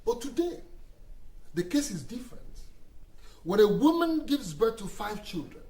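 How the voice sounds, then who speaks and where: A man's voice: high-pitched, sing-song, normal speed, warm tone, poor audio. An actor playing an opinionated man who lectures his friend with rhetorical questions. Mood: lecturing. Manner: lecturing, rhetorical, rises into emphatic peaks. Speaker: friend in a men's discussion. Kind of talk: Nollywood film acting.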